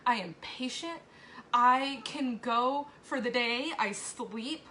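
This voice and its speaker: A woman's voice: fairly high pitch, slow, sharp tone, slight background noise. A woman in her thirties, a mother, talking candidly and tearfully in a live video, swearing and laughing between sentences. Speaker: mother sharing a personal testimonial. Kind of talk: emotional live video confession.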